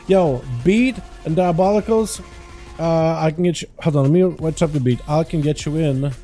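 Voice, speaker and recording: Mellow-voiced chatty streamer man. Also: fairly high pitch, soft background music. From Russia. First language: Russian. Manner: loose and chatty, filler-heavy, quick to laugh. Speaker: game streamer. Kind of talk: casual livestream chat.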